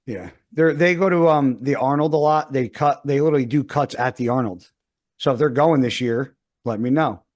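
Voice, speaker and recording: A man's voice: mid-range voice, moderate pace. A man in his thirties, a podcast host, telling a rambling story in casual chat and swearing often.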